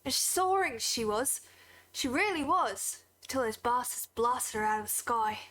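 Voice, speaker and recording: A woman reading game dialogue as a rough-edged rebel mechanic rousing his crew for a fight. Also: fairly high pitch, animated, a little slow, a bit bright.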